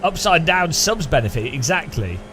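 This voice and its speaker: A man's voice: on the high side, sing-song, moderate pace, sharp tone, a little hiss or hum. A man streaming a game, rambling and joking with his chat in a self-mocking way. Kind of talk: casual live stream chat while gaming.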